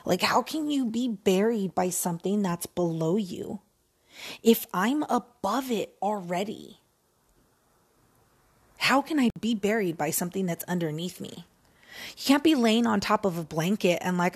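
A woman hosts a solo podcast in a casual, talkative monologue. Her voice has a gravelly edge and a husky grain. She speaks with emphasis, circling back on her own phrases and slipping in jokes. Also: medium pitch, unhurried. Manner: animated, emphatic, repeats phrases, jokey. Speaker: podcast host.

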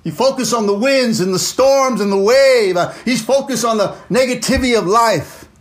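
A man preaching a fervent sermon as pastor, constantly dropping "amen" and "come on," and swinging between loud exclamations and low, quiet asides. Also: normal speed.

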